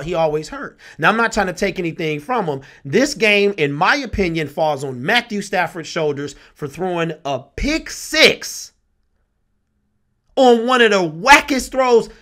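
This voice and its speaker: A man's voice: high voice, pushed and bright. A young man ranting with passion and exasperation about his team's loss, repeating himself as a sports vlogger.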